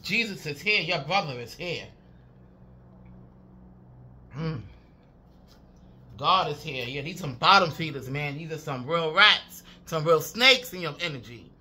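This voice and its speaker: A woman's voice: low voice, expressive, moderate pace, bright, forceful tone, slight background noise. A woman giving a casual spiritual reading to her viewers, talking emphatically with plenty of swearing, repeating herself and chuckling often. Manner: profane, emphatic, repeats "I'm telling you". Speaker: intuitive reader.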